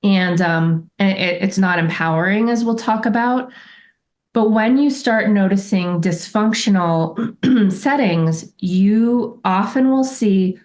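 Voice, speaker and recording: A woman's voice: mid-range voice, takes it slowly, darkish tone. A woman guest on a podcast, telling a personal story in a candid, reflective way and acting out remembered remarks.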